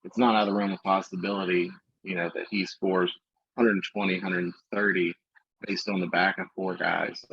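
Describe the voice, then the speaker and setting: A man's voice: low voice, level tone, normal speed, creaky, a bit bright, slightly rough, no echo, highs cut off. A man in a casual podcast chat, explaining league scoring rules in a matter-of-fact way.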